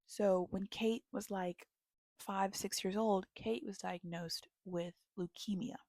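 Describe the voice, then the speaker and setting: A woman's voice: mid-range voice, slow pace, dry recording, studio quality. A young woman giving casual book recommendations to her viewers, telling stories with lots of feeling and now and then dropping into a whisper. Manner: animated storytelling, dropping into whispers at moments. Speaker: book vlogger.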